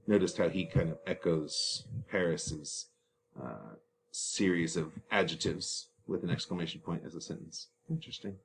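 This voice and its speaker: A man's voice: low-pitched, normal speed, gravelly, slight background noise. A man teaching, explaining a play to students in a casual, chatty way. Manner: casual and chatty, with fillers and laughs.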